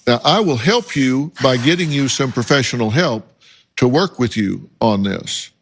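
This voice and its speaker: A talk show host lays out hard truths to a guest. He speaks bluntly and deliberately, leaning on each phrase. His voice sits at an ordinary mid pitch. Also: animated, a little hiss or hum. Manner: blunt, lecturing, slow and emphatic.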